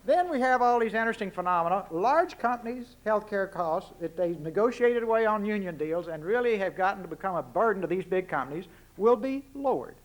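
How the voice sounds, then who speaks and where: A man's voice: high voice, animated, a little fast, hardly any pauses. A man in his sixties with a Texan accent giving a folksy, punchy public address in a university lecture hall, firing off rhetorical questions. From Texas. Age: 60s. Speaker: public speaker.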